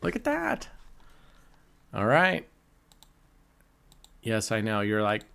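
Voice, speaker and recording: A man's voice: on the low side, huge pitch swings, slow pace, vocal fry, long pauses, a bit bright, clear, resonant tone. A middle-aged man giving casual, joking live commentary on his casino session, laughing often and cheering or groaning at each spin. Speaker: casino vlogger.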